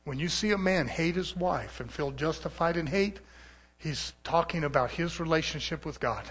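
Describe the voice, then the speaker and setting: A man preaching a fervent sermon, swinging from loud, rising shouts to low, quiet stretches. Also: normal speed, breathy edge.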